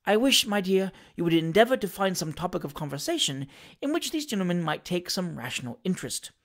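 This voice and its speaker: A reader voicing a sharp-tongued, domineering middle-aged wife who speaks curtly and scornfully, lower and quieter than the narration. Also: sing-song, fairly quick.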